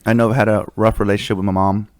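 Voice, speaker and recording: A man's voice: fairly low pitch, racing, clean tone, dry recording, studio quality. Laid-back man hosting a podcast. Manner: relaxed, laid-back, says bro a lot. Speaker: podcast host. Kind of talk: casual chat.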